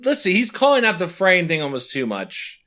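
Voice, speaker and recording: A man co-hosting a podcast, chatting casually with quick reactions and lots of fillers. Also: sits high, wildly swooping pitch, bright, forceful tone. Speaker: podcast co-host. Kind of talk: casual chat.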